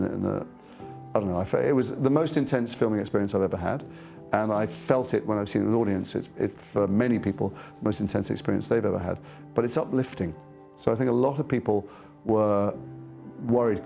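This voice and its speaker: A man's voice: lowish voice, vocal fry, mellow. A middle-aged man, an actor recounting anecdotes from his career in a thoughtful interview, often trailing off and restarting.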